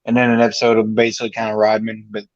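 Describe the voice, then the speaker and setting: A man's voice: on the low side, completely flat delivery, rapid-fire. A man chatting casually on a live stream, giving his opinions in long, rambling sentences. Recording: dull, muffled call audio.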